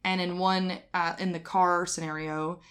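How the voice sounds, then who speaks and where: A woman with a slightly low voice co-hosting a relaxed podcast. She talks frankly, with fillers and the odd swear word, and reads out listener stories. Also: unhurried. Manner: supportive listener, sprinkles in swearing. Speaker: podcast co-host. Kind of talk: casual chat.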